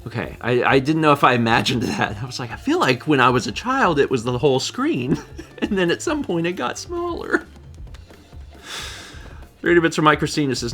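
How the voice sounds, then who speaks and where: Animated, jokey male streamer. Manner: jokey, breaks into high squeaky put-on voices. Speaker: co-host of a live stream. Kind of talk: casual chat, reading chat messages.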